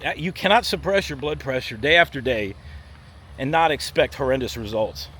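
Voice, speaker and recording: A man's voice: mid-range voice, moderate pace, a bit bright. A man, a firefighter paramedic, talking bluntly and emphatically to camera on a walk-and-talk vlog outdoors. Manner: blunt, emphatic, acts out body parts in voices. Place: outdoors in a theme park area. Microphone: handheld camera while walking. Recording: faint street and traffic noise outside.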